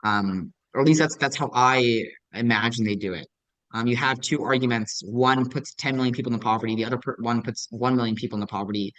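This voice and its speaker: A man's voice: mid-range voice, a little fast, a bit bright, no echo, poor audio. A young man giving a casual lecture as a debate coach, answering student questions with lots of ums and likes, patient and encouraging. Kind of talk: recorded lecture with audience questions.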